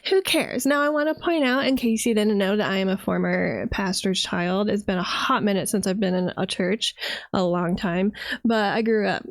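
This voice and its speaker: A woman's voice: mid-range voice, normal speed, no echo. A woman from the United States who streams as a vtuber, delivering a heated, profane and sarcastic reaction rant.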